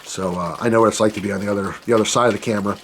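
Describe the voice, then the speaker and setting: A man's voice: fairly low pitch, steady tone, racing, a little hiss or hum. Candid self-deprecating man vlogging. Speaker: channel host. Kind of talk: candid personal vlog.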